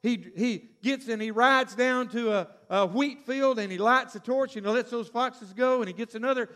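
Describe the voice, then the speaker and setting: A man with a high-pitched voice delivers a storytelling sermon. He acts out the characters and breaks into sudden shouts. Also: normal speed. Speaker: preacher.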